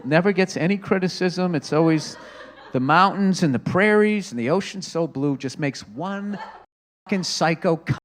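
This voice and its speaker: A man hosts a comedy podcast in a profane, rambling rant. His voice is pitched high for a man. He swings between loud outbursts and low muttering. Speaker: podcast host.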